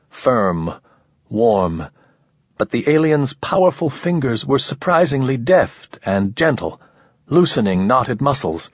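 A man with a low, husky voice reads a story in measured, dramatic narration. The room is dead dry, and the sound is slightly dull and lo-fi. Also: no room sound. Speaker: audiobook narrator. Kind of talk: scripted narration.

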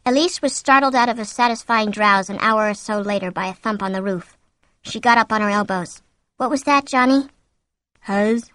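A woman narrating a story aloud in steady scripted narration, slowing down at tense moments. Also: medium pitch, no echo. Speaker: audiobook narrator.

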